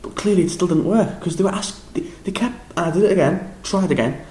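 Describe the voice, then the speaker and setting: A man's voice: high voice, fairly quick, few pauses. Chatty young Scouse man in an echoey room. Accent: Liverpool. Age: young adult. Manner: rambling, excitable, self-deprecating, frequent restarts and laughs. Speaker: drama school applicant. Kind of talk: casual vlog recap.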